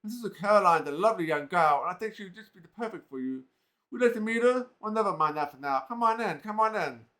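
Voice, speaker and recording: A man's voice: high-pitched, animated, fast talker, pushed and bright. A man reading the lines of a gushing, nonstop-talking middle-aged woman from a role-playing game. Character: chattering middle-aged matchmaking woman, endless talker.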